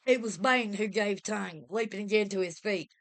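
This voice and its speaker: A woman's voice: mid-range voice, normal speed, fairly bright tone. A woman giving a vivid, dramatic reading of a pulp horror story. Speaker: reader.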